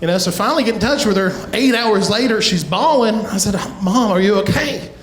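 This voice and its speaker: A middle-aged man doing a stand-up comedy set, telling a family story with quick asides and chuckles. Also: high-pitched, lively intonation, a little hiss or hum. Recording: echoey live room.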